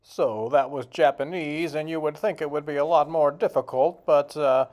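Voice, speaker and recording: A man's voice: a little high, normal speed, a little mellow. A man hosting a casual vlog, joking in a folksy way as he sounds out foreign words. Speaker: video host.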